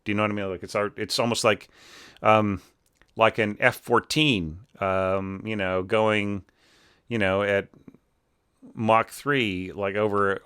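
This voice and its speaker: A man's voice: on the low side, a bit bright, clean tone. A middle-aged man critiquing an orchestral score in a casual, chatty way, full of fillers and sung-out musical phrases. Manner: chatty, filler-heavy, sings phrases with nonsense syllables. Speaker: orchestration teacher giving feedback.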